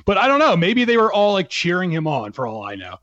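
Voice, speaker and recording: A man's voice: high-pitched, wildly swooping pitch, fairly quick, fairly bright tone, dry recording. Chatty man with a muffled mic. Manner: chatty, laughing, many fillers. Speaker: podcast writer. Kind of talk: casual podcast discussion.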